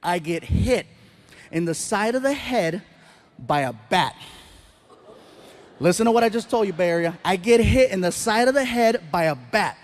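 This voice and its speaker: A man telling a stand-up comedy story with an animated, storytelling delivery. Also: sits high, moderate pace, pauses often.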